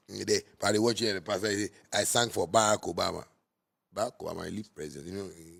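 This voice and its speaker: A man with a Ghanaian Pidgin English accent delivering a heated, scolding monologue that repeats and mocks, bursting into sudden loud outbursts. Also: fairly low pitch, creaky. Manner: repetitive and mocking. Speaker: musician. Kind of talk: ranting monologue.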